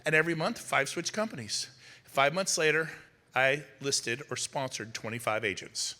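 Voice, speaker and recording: Bright-voiced man telling stories on a hall stage. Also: medium pitch, expressive. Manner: punchy storytelling with quick questions to the crowd. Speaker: motivational speaker. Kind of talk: energetic stage talk to an audience. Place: large hall. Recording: long reverb in a large hall.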